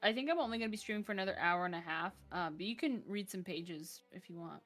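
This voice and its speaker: A woman's voice: fairly low pitch, animated, fast talker, fairly bright tone, faint music behind. A woman chatting casually on a live stream, giggly and playful in her banter.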